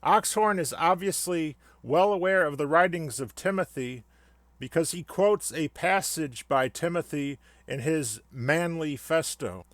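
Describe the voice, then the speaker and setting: Slow sarcastic man, dry close voice. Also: on the high side, no echo. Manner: sarcastic, mock-solemn. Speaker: satirical commentator. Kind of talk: scripted comedic rant.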